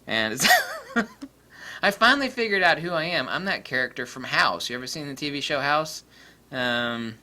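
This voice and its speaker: A man's voice: a little high, animated, moderate pace, bright, forceful tone. A man ranting casually to camera as a camera vlogger, rambling and boastful with lots of fillers.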